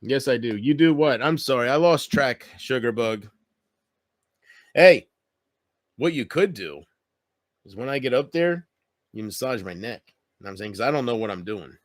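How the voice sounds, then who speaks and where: A man's voice: mid-range voice, lively intonation, normal speed, long pauses, no room sound, studio quality. A man chatting casually on his livestream, rambling and joking, with frequent swearing.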